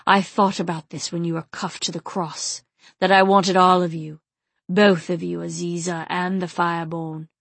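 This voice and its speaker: A woman voicing a dominant male lover who is an inhuman king, speaking in a low, slow, husky murmur. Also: level tone, fairly bright tone, dry recording. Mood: heated, commanding.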